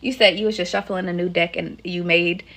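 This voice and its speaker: A woman's voice: fairly low pitch, steady tone, brisk, a bit bright. A young woman giving a casual livestream tarot reading, chatty and slangy, swearing casually. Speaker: tarot reader.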